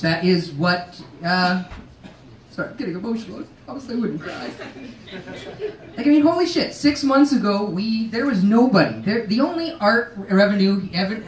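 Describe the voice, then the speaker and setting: Joking, high-voiced man at an art show. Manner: jokey, swearing, laughing between lines. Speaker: event organizer giving a speech. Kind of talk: casual joking speech. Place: art show in a restaurant lounge. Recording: roomy sound from a distant camera.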